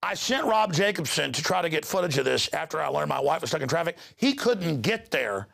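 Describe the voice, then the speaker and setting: Agitated male host, middle-aged, gravelly and highly animated; ranting commentary with stuttered repeats. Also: brisk. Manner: agitated, ranting, repeats words when excited. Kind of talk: heated news commentary.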